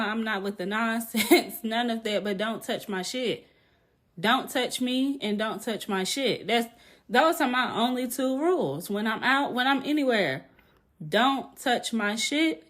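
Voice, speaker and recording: A woman with a slightly high voice hosts a casual storytelling podcast. She talks in an animated, emphatic way, laughs often, and swears bluntly to drive her points home. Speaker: podcast host.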